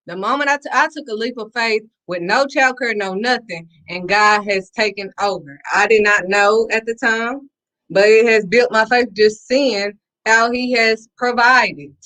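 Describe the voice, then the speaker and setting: Bright-voiced, emphatic woman preaching. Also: fairly high pitch, moderate pace. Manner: emphatic, repetitive, sassy and direct. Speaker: faith vlogger. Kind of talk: preachy motivational talk to camera.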